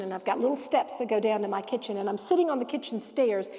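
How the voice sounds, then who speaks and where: A woman teaching a Bible lesson to a live audience in a lively preaching style, telling stories and acting out the dialogue. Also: medium pitch, fast, few pauses, long reverb tail. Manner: animated storyteller who acts out quoted dialogue.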